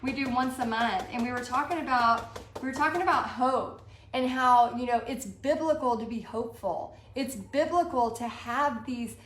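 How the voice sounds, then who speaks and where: A fired-up woman speaks earnestly in a fairly high voice, full of "you know" and "like". She sounds like she is in an echoey room, with a faint hum behind her. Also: moderate pace, a bit bright. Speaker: paint party business host. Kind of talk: live-streamed motivational talk.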